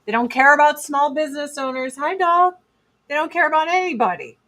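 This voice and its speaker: A woman's voice: high voice, expressive, a little fast, sharp tone. A woman in her forties hosting a casual chat stream from home, blunt and rambling, swearing freely.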